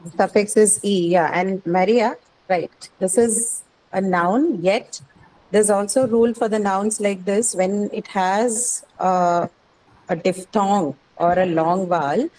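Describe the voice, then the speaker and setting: A woman's voice: medium pitch, warm tone, slight background noise, low-quality recording. Patient woman teaching an online English class. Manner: patient, explanatory, repeats "correct" and "right".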